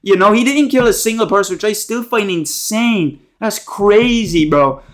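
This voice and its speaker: A young man rants casually about horror films. His voice sits high, and he rambles sarcastically, full of slang and restarts. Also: moderate pace. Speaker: movie reviewer. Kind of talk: casual rambling movie rant.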